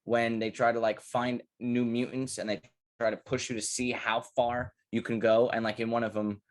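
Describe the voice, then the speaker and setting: A young man co-hosting a podcast, talking casually and rambling through profane, animated stories. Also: medium pitch, moderate pace. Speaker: podcast co-host. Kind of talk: casual chat.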